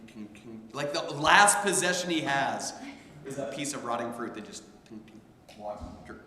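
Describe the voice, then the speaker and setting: A man's voice: medium pitch, pushed and bright. A man teaching a theology class, telling stories in a conversational way with many restarts. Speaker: theology instructor. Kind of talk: informal class discussion. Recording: echoey hall, faint room noise.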